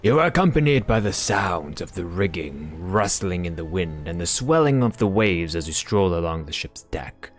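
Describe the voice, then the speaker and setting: A man narrating a game's story text aloud in a measured, brooding delivery as a let's-play host. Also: deep voice, sing-song, soft background music. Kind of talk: slow dramatic narration of game text.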